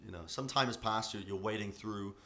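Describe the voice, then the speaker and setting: A man narrates a tabletop game as its dungeon master in a low, easygoing voice. He rambles and fills pauses with "um" and "uh" as he describes the scene. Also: a little hiss or hum. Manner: rambling, filler-heavy, relaxed.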